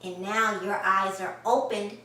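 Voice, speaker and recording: A woman with a mid-range voice teaches grammar online, talking directly to the viewer with emphasis and enthusiasm. Her pitch barely moves, her pace is measured, and her tone is sharp. She is off-mic in an echoey room, heard from a distance, with slight background noise.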